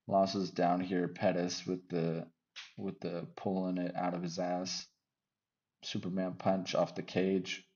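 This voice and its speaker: A man talking through his fight picks in a put-on Australian accent, rambling and thinking out loud as he second-guesses himself. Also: low-pitched, dull audio. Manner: rambling, thinking aloud, self-correcting. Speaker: MMA fight picks commentator. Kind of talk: casual fight-pick chat.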